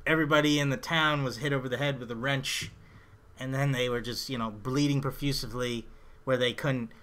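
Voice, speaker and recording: A man's voice: medium pitch, fairly even intonation, brisk, fairly bright tone. A man co-hosting a casual comedy podcast, rambling through his points with plenty of hesitations and fillers. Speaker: podcast co-host.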